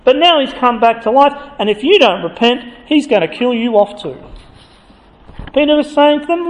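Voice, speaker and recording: A man preaching a sermon, emphatic and building to forceful accusation as he reads from scripture. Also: extremely high pitch, expressive, moderate pace. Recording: long hall reverb.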